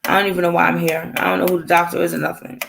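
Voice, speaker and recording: A woman with a lowish voice, vocal fry, and little pitch movement speaks very fast, telling the camera a painful family story. She rambles, acts out the dialogue, and fights back tears, with background noise in the recording.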